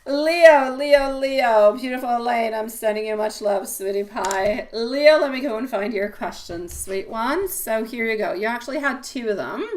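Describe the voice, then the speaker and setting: A woman's voice: fairly high pitch, normal speed, hardly any pauses. A woman giving a live-stream tarot reading, delivering an encouraging, affectionate pep talk full of pet names. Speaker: tarot reader.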